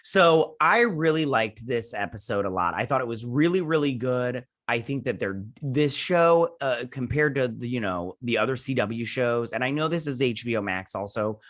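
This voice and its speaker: A young man hosting a review channel, retelling a TV episode in an excited, rambling way full of "he's like". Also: mid-range voice, no room sound, clean studio sound. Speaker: host and TV reviewer. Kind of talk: casual episode recap.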